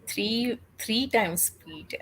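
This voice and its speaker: A woman chatting on a reading stream, easygoing and teasing, with some hesitant pauses. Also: fairly high pitch, fairly bright tone. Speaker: guest reader on the stream. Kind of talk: casual chat.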